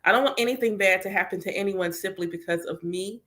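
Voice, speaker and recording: A woman's voice: mid-range voice, quick pace, a bit bright. A woman talking casually and candidly about her spiritual practice as a reader and teacher, with lots of "like" and voiced quotes of her prayers. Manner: candid, chatty, full of filler "like".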